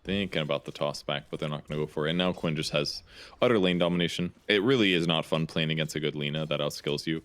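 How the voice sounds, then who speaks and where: A man with a Midwestern accent giving relaxed, analytical esports commentary on a headset, with plenty of filler words. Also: very deep voice, fast talker. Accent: American Midwestern. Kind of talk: play-by-play analysis.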